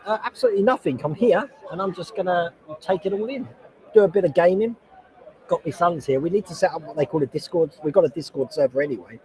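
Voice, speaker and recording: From a loud convention hall, this host runs a laid-back livestream over a noise-cancelling headset, his voice on the high side. He rambles along and reads viewers' comments out loud.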